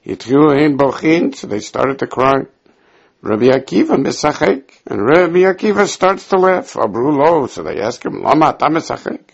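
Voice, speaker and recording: A man with a raspy, gravelly voice pitched a bit high leads a Talmud class. He reads each passage aloud, translates and explains it, and acts out the quoted sages with shifting pitch. The recording sounds dull and lo-fi. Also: big pitch swings, moderate pace. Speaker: Talmud teacher.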